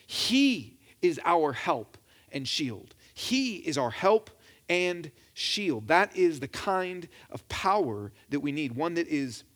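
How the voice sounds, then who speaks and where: A man preaching a sermon in a conversational, joking way, acting out little quotes as he goes. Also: fairly high pitch. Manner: animated, conversational with jokes and acted quotes. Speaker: pastor.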